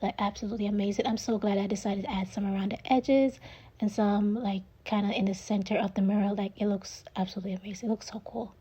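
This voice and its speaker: A woman with a breathy, husky voice talks through her craft project in a relaxed voiceover. She sounds chatty and enthusiastic, circling back to the same praise again and again. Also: medium pitch, fast, poor audio. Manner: chatty and enthusiastic, repeats herself. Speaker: crafting video creator. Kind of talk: casual voiceover narration. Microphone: voiceover mic.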